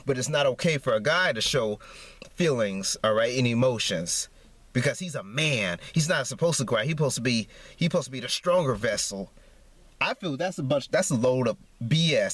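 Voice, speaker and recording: A man's voice: a little high, fairly bright tone, no echo. A man ranting to camera in a repetitive, heated monologue, tacking "man" onto his sentences. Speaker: vlogger.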